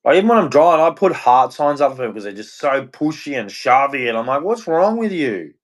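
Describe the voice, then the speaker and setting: A man's voice: mid-range voice, quick pace. A man hosting a livestream, ranting in a rambling, frustrated and heartfelt way. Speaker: livestream host. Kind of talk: casual ranting monologue.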